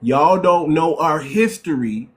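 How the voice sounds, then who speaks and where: High-pitched guy w/ new york accent, hosting a heated live debate, hammering his points over and over. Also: expressive, slow pace. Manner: emphatic, repetitive, lecturing, keeps saying ma'am. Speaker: live-stream host.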